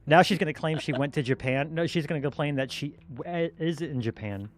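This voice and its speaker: A man's voice: on the high side, a little fast, dry recording. A man streaming a block-building game and chatting casually with friends, teasing them and greeting his viewers. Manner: teasing, greets chat viewers between remarks. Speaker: Minecraft streamer and host. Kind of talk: casual gaming chat while streaming.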